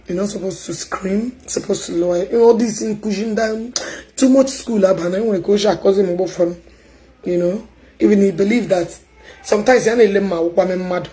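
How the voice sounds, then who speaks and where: A Nigerian woman with an Igbo accent chatting loudly and emphatically as a stream host, mixing English and Igbo. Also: mid-range voice, poor audio. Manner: loud, emphatic talker.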